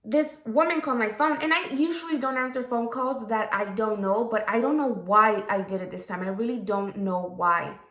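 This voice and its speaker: A woman's voice: a little high, moderate pace, hardly any pauses, fairly bright tone. A woman telling a story while doing a makeup tutorial, frank and profane, often checking in with "okay?" and "right?". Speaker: makeup vlogger. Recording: echoey room.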